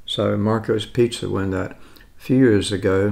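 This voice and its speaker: Gravelly-voiced older man, chatty. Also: on the low side, fairly even intonation, moderate pace, a little mellow. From United States. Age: 70s. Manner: rambling, chatty, self-correcting. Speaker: food vlogger. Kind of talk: casual food tasting vlog.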